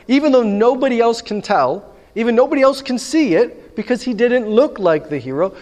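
A man's voice: high voice, expressive, a little fast, darkish tone. A man preaching a sermon, telling stories animatedly and acting out the dialogue himself. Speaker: pastor. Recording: long hall reverb.

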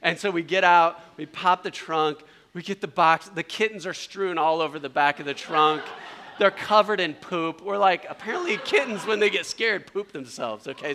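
A middle-aged man speaking at a retreat, telling an animated story in a sermon and acting out the voices of the people in it. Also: on the high side, slight background noise.

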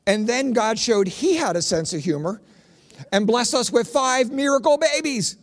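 High-voiced middle-aged stand-up comedian. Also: male voice, normal speed. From Pennsylvania. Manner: animated storytelling with punchy jokes. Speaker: comedian and preacher.

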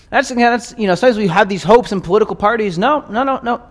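A male pastor with a somewhat high voice gives a relaxed verse-by-verse teaching, chatty and animated. He slips into quick acted-out asides between readings. His voice carries a long reverb, like a sanctuary. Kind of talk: casual verse-by-verse Bible teaching.

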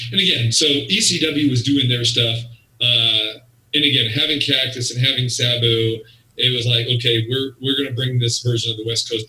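Bright-voiced man telling stories. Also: mid-range voice, far from the mic. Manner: rambling, repeats "you know" and "again". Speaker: guest. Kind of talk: casual storytelling. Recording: echoey room, off-mic.

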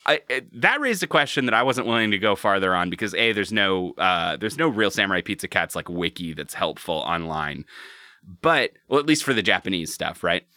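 A man hosting a casual podcast chat, animated and quick to laugh. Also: low-pitched, no room sound, clean studio sound. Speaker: podcast host.

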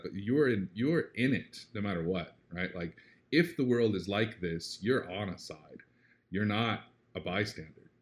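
Low-voiced man, earnest and reflective. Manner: reflective, earnest, often asks "right?"; animated when retelling a story. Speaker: interview guest. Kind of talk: casual conversational interview.

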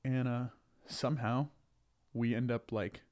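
A man's voice: mid-range voice, steady tone, unhurried, darkish tone. A man speaking as a guest in a casual conversation, easygoing and thoughtful. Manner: thoughtful, easygoing, loose storyteller. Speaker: podcast guest.

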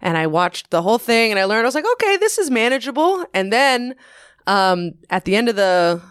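A woman's voice: a little high, very animated, fairly quick, clear, resonant tone, no room sound, studio quality. A young adult woman, a stand-up comedian, chatting on a podcast and telling stories animatedly, laughing often and acting out her own past thoughts. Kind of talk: casual podcast chat.

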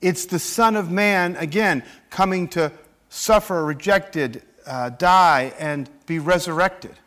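A man's voice: high-pitched, slow pace. A man preaching a sermon in a church, acting out scripture quotes as he goes. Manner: animated, acts out scripture quotes. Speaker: pastor.

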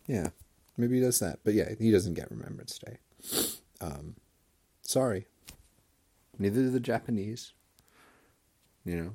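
A man's voice: fairly low pitch, lively intonation, normal speed, creaky, pauses often, dark tone, breathy edge. A man delivering a rambling, sarcastic comedic rant full of digressions.

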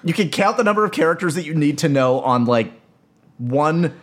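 A man's voice: a little high, lively intonation, normal speed. A man co-hosting a podcast in casual chat. He talks loosely, laughs a lot and mocks himself. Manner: laughs often, jokey and self-mocking. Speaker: podcast co-host.

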